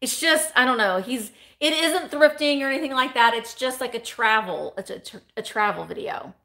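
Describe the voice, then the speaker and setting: A chatty middle-aged woman runs a live-stream sale in a rambling, friendly flow. Her voice sits a little high, and she drifts off between calling out bids and answering viewer comments. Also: normal speed, creaky, bright, forceful tone. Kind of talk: casual live-stream auction chat.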